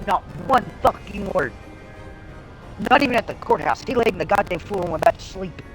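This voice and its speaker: A woman's voice: mid-range voice, lively intonation, a little fast, faint music behind, rough recording. A woman livestreamer telling a story in casual talk, blunt and heavily profane. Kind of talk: casual storytelling on a live stream.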